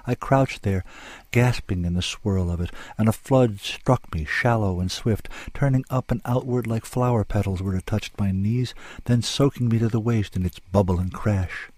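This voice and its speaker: A man with a low, grounded voice narrates a dramatic story. His reading is intense and lyrical, with a sombre weight behind it. The recording is dry and close. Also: normal speed, darkish tone, dry recording.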